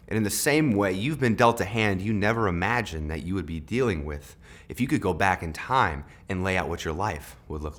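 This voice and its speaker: A young man hosting a devotional talk, telling a personal story in a conversational way with lively swings in loudness. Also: medium pitch. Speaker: devotional host.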